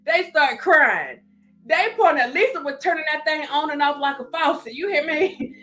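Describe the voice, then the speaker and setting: A high-pitched woman hosts a casual live stream, laughing a lot as she talks to her viewers and reads their comments. Her voice is bright and sharp, and faint music sits behind her. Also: normal speed. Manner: laughing often, chatty and animated, reading viewer comments aloud.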